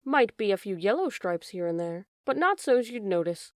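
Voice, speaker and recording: A woman voicing a gentle male autumn leaf who speaks tenderly and reassuringly. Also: mid-range voice, lively intonation, moderate pace, no room sound, studio quality, close to an everyday voice.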